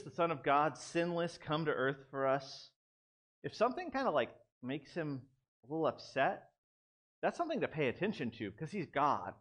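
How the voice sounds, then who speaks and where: Young male preacher, relaxed conversational sermon delivery, voice sits high and moves a lot. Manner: conversational, animated, self-deprecating asides. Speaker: pastor. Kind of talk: casual sermon.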